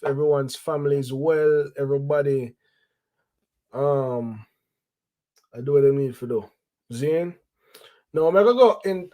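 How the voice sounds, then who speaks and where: A man's voice: on the high side, dark tone. Laid-back male football show host. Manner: laid-back, conversational, repeats phrases, sprinkles slang. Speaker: host of a football fan channel. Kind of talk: casual solo talk show.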